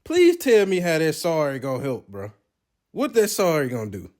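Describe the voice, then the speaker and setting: A man's voice: a little high, normal speed. A man giving casual, joking and profane commentary while reviewing movies. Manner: profane, joking, animated reactions.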